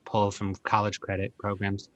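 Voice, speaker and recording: A man playing a tabletop role-playing game, asking quick questions with stumbling restarts. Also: lowish voice, completely flat delivery. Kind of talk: casual in-character banter.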